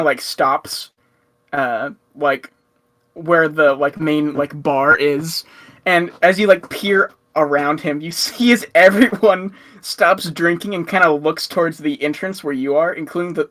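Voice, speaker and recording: A man's voice: fairly high pitch, fairly bright tone. A man narrating a tabletop game as game master, rambling with many fillers and frequent laughs.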